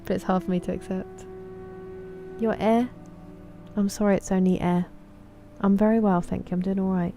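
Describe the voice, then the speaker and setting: A woman's voice: medium pitch, fairly even intonation, moderate pace, long pauses, warm tone, soft background music. A young woman from England with an English accent, streaming a game and chatting casually with her live chat, greeting viewers by name. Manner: chatty, reads viewer names and greets them.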